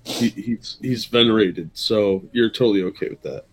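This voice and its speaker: A man in a casual group chat, wry and pausing to search for words. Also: fairly low pitch.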